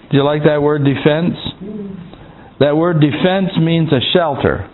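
A man with a somewhat high voice leads a Bible-study sermon. He stops and restarts often and keeps checking in with "Amen?". The sound is narrow and tinny, like a phone line. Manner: halting, repeats words, calls "Amen?" to the congregation. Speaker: preacher.

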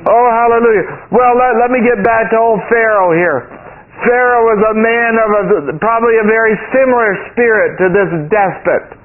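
A man preaching a sermon, emphatic, his voice rising to high exclamations. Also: normal speed. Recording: tinny phone-like radio broadcast.

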